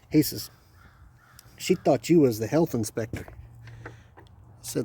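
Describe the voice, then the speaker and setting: A man's voice: medium pitch, brisk, long pauses, mellow, husky. Folksy man telling a story in the garage. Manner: rambling, folksy, repeats phrases. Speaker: channel host working on an old three-wheeler. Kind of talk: casual storytelling while wrenching.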